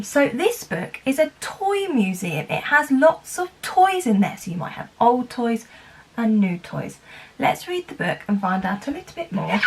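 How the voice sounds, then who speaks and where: A woman's voice: fairly high pitch, breathy edge. A woman with an English accent teaching a phonics lesson to young children, encouraging and chanting sounds in a sing-song way. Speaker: primary school teacher.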